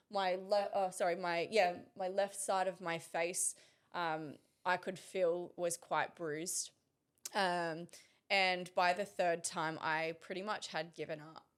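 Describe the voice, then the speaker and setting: Woman, lower pitch, halting, pausing, personal story in conversation. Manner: halting and hesitant, many pauses and restarts. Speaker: interview guest.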